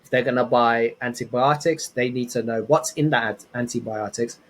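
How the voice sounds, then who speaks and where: A man's voice: medium pitch, normal speed. A young man, a podcast guest, telling casual rambling stories with lots of restarts. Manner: rambling, animated anecdotes with many restarts. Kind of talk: casual storytelling.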